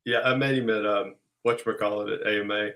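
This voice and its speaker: A man's voice: on the low side, steady tone, gravelly, fairly bright tone. A man co-hosting a casual livestream chat, easygoing and agreeable. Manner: easygoing, agreeable, quick to laugh.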